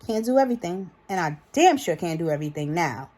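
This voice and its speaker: A woman in her thirties talks straight to her viewers with a New York accent, chatty and animated. Her voice sits a little low for a woman. She sounds loose and a bit tipsy, calling the audience y'all as she rambles through her thoughts. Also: quick pace. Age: 30s. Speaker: vlogger. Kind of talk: casual chat to camera.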